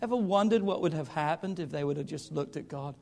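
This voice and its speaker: A man in his thirties preaching a sermon, lively and joking with the congregation between points. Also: on the high side, fairly quick, vocal fry. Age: 30s. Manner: lively, jokey asides to the congregation.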